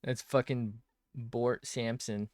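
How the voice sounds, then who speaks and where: A man's voice: medium pitch, little pitch movement, slow pace, darkish tone, no room sound, clean studio sound. A man streaming himself drawing, muttering to himself in casual commentary, swearing often and joking at his own expense.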